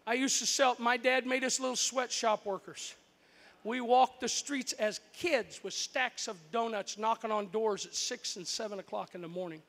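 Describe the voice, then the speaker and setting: A man from Florida preaching a sermon built on stories from his childhood, animated and breaking into shouts at the big moments. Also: very high voice, moderate pace, big-room sound. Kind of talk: storytelling sermon.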